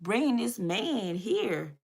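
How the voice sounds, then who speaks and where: A woman's voice: medium pitch, sing-song, takes it slowly, creaky, darkish tone, breathy edge, heavily acted. Woman doing a sassy suspicious woman. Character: suspicious, sharp-tongued young woman.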